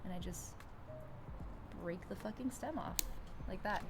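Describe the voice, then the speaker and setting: A woman's voice: medium pitch, unhurried, over loud music. A young woman streamer chatting casually and swearing as she repots plants at home, giggling often. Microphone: streaming setup with a camera. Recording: steady background noise.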